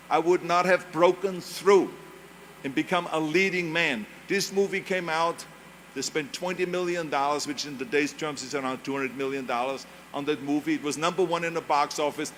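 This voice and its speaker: A man's voice: on the high side, fairly bright tone, slight background noise. A man with a German accent giving a motivational speech, emphatic and repeating key phrases. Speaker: speaker.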